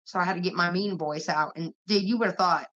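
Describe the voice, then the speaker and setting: In muffled, lo-fi stream audio, a young female livestream host swears her way through rambling stories in casual conversation. She speaks briskly in a fairly low, slightly bright voice.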